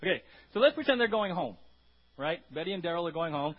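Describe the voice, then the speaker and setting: A man preaching a lively sermon to his congregation in a church, calling out for responses and acting out voices in sudden loud bursts. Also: fast, highs cut off. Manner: animated, calls out "Amen?" and "right?" to the congregation; acts out quoted voices with sudden loud, high outbursts. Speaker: pastor. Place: church hall before a congregation.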